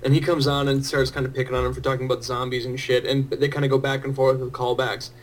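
A man's voice: mid-range voice, quick pace, rough recording. A man guesting on a friend's podcast in casual chat, swearing often and laughing easily. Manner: profane, laughing, excitable.

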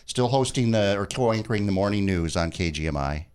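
A man hosting a casual radio call-in show from a studio, chatty and quick to laugh. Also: fairly low pitch, clear, resonant tone. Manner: chatty, laughs easily, lively delivery. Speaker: radio talk show host.

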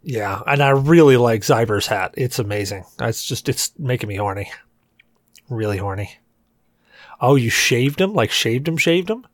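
A man's voice: medium pitch, normal speed, no echo, clean studio sound. A man hosting a podcast, teasing his guests in crude joking banter. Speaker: podcast host.

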